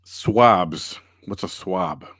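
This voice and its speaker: A man's voice: low voice, very slow, a bit bright, no echo, studio quality. A male podcast host chatting casually and reading out viewer comments, wry and sarcastic.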